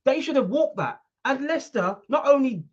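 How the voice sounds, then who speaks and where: Animated woman co-hosting a lo-fi football livestream. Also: sits high, normal speed. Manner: emphatic, animated storyteller who talks over interruptions. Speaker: co-host of a football discussion show. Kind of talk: casual sports chat on a livestream. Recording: dull lo-fi sound over a weak internet link.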